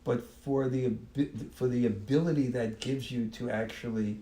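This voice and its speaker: A man giving a devotional talk as a spiritual teacher, unhurried, often repeating and restarting words and chuckling now and then. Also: medium pitch, fairly even intonation, warm tone. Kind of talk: devotional talk on a live stream. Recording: echoey room.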